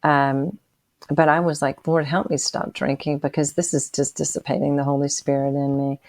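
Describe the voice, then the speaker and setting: Low gravelly woman in her sixties. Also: flat delivery, a little mellow, no room sound. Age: 60s. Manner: halting and emotional, with frequent restarts. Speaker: interview guest. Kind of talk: personal testimony in a podcast interview.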